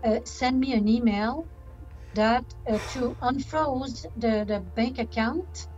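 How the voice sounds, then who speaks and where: An older woman recounting events in a slow, halting interview, stopping often to find her words. Her voice sits somewhat high, and the recording is dull, with soft music underneath. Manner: hesitant, many "uh" pauses. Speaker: scam victim interviewee. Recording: dull documentary clip with music.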